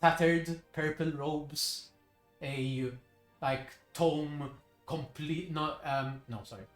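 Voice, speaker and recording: A man's voice: on the high side, steady tone, slow. A man narrating a tabletop game as game master, casual, with fillers and self-corrections. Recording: echoey room, faint music.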